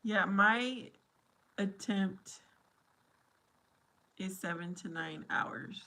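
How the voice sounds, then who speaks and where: A woman's voice: mid-range voice, very slow, bright, forceful tone. A middle-aged woman hosting a casual livestream chat with her viewers, silly and giggly. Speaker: livestream host.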